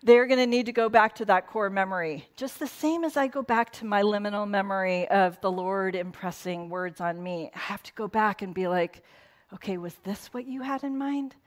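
A woman's voice: medium pitch, moderate pace, few pauses. A middle-aged woman pastor giving a casual sermon in a conversational way, with laughing asides. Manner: conversational, laughing asides, quotes in put-on voices.

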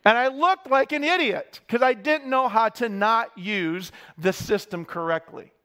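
Brief: male preacher, higher-pitched voice, candid and self-deprecating in his sermon. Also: unhurried, pushed and bright.

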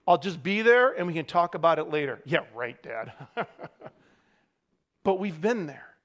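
A middle-aged man preaching a sermon as pastor, building to shouted peaks between wry parenting asides. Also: high-pitched, animated, normal speed.

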